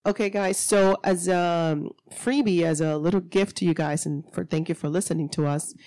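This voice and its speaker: A woman's voice: lowish voice, normal speed, darkish tone, dry recording. A woman from Miami co-hosting a podcast, chatting loosely and laughing often. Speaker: podcast co-host. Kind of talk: casual chat.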